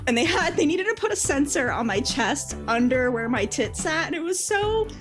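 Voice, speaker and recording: A young woman casually telling a story as a streamer, animated and profane, often laughing as she talks. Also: high-pitched, normal speed, faint music behind.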